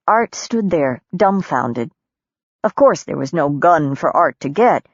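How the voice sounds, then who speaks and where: A woman with a somewhat low voice reads a novel aloud in a measured, steady way. The recording is very dry and a bit dull, with no room sound. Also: no room sound. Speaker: audiobook narrator. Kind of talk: scripted narration.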